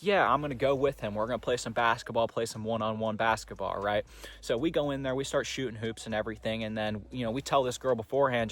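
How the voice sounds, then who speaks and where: A young man rambling through a casual storytime monologue, profane and full of fillers. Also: medium pitch.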